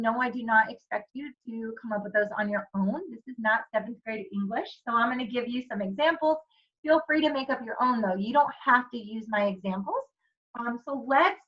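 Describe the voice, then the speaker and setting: Upbeat woman coach, fairly high voice, encouraging, slide talk, dull lo-fi sound. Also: moderate pace, a bit bright. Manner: upbeat, encouraging, talks straight to the viewer. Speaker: wellness coach. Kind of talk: motivational presentation with slides. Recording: dull lo-fi audio.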